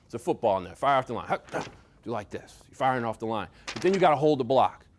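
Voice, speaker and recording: A man giving a lively motivational talk to a workshop audience, coaching them with sports analogies, repetition and swings in loudness. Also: mid-range voice, fast talker, slight background noise. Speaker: speaker at a leadership workshop. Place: meeting room with audience.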